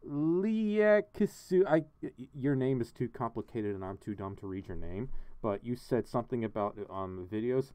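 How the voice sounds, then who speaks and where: Medium in pitch, animated and smooth with a dark tone, this man speaks at a moderate pace while hosting a relaxed livestream at home. He chats with viewers, reads donations and messages aloud, thanks donors, and laughs frequently.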